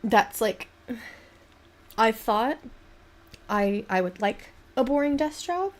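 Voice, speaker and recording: A young woman with a Southern US accent, chatting casually on a livestream in a halting, rambling way with many restarts. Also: fairly high pitch, expressive. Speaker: livestream host. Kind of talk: casual chat while painting on stream.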